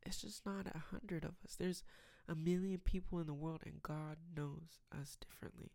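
A man giving a casual, rambling Bible reflection, reading verses aloud and filling pauses with "um" and "like.". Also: a little high, steady tone, gravelly, darkish tone, no echo, studio quality. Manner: rambling, many fillers, reads scripture aloud.

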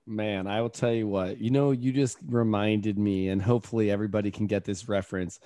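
A man hosting a podcast, chatting casually, animated and quick to laugh, acting out movie lines as he talks. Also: fairly low pitch, no echo, studio quality. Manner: animated, laughs often, acts out movie quotes. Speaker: podcast host.

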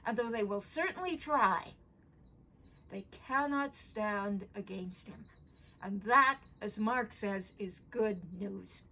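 Woman preacher, husky tone, earnest emphatic sermon delivery. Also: medium pitch, slow pace, bright, forceful tone, low-quality recording. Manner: earnest, emphatic, repeats phrases for stress. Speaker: pastor.

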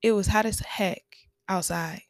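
A woman's voice: mid-range voice, no echo, studio quality. Chatty woman telling stories with a laugh. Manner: chatty, laughing often, drawn-out repeats. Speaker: podcast host and teacher. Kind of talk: casual storytelling monologue.

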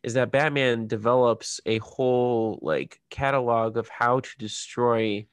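A man's voice: medium pitch, unhurried, smooth, dry recording. Male co-host, rambling casual talker, dry close mic. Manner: rambling, full of fillers. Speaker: podcast co-host. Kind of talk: casual chat.

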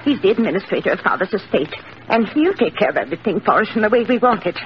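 A woman's voice: big pitch swings, quick pace, natural voice. An actress playing a fussy, proud elderly woman in a 1940s-style radio drama, emphatic and doting on her pets. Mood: indignant. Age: older. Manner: emphatic, sweeps up and down in pitch. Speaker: elderly spinster sister. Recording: hissy dull old radio broadcast.

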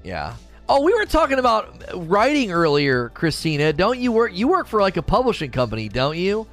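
A man's voice: sits high, wildly swooping pitch, normal speed, fairly bright tone, soft background music. A man livestreaming in casual chat, teasing and bantering with his viewers as he reads their comments.

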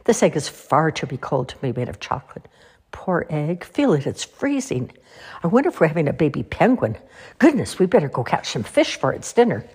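A teasing mother owl from a storybook, voiced by a woman, sing-song and playfully exaggerated. Her voice is breathy and husky, swinging widely in pitch. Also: sing-song, brisk, a little mellow, exaggerated voice.

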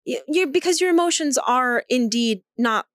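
A woman's voice: sits high, lively intonation, moderate pace, a bit bright, no room sound. A woman co-hosting a podcast in casual chat, talking things through at length, candid and swearing freely. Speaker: podcast co-host.

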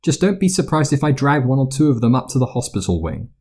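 A man putting on a fussy elderly nurse, her voice lifted well above his own and scolding with exasperation. She is stern and brisk, the kind who frets over tired children, read as a voiced part in a storybook reading. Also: mid-range voice, big pitch swings, a little mellow, breathy edge, voice pushed up.

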